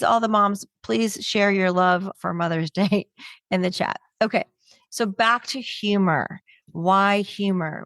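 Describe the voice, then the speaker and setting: A woman's voice: medium pitch, gravelly, dry recording, clean studio sound. A middle-aged woman giving a webinar talk in a stand-up comedy style, brash and joking with punchy delivery. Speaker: webinar speaker on humor.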